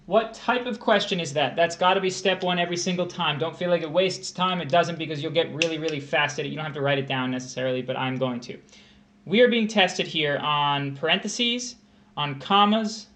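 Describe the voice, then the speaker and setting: Young male tutor, a little high-voiced, casual livestream lesson, thinks out loud. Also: fairly quick. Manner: conversational, thinks aloud with restarts and rereads. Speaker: test prep tutor.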